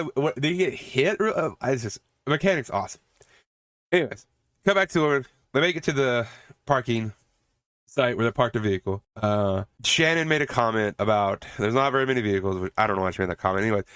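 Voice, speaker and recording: A man's voice: medium pitch, a bit bright, no room sound. A man hosting a podcast, casually recapping a horror movie with frequent laughter and swearing, acting out the characters' lines. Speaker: podcast host reviewing a movie.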